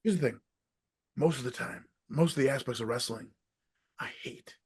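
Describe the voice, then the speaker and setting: American man, wrestler, podcast guest, swearing a lot, ranting, loud then soft. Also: medium pitch, moderate pace, breathy edge. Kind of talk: casual interview chat.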